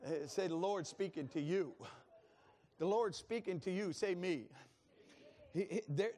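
Male pastor, high-pitched, lively sermon style with call-and-response. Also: unhurried. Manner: lively, preaching with laughs and call-and-response asides.

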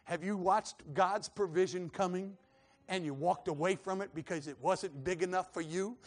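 Male preacher, high-pitched, scratchy-throated, fervent call-and-response delivery. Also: normal speed. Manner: builds to fervent shouting, calls for responses. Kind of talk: live sermon to a congregation.

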